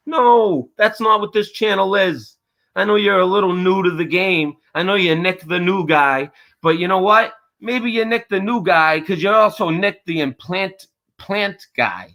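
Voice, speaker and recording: A man's voice: sits high, a bit bright, low-quality recording. A male livestream host delivering an angry, profane, confrontational rant straight at a viewer.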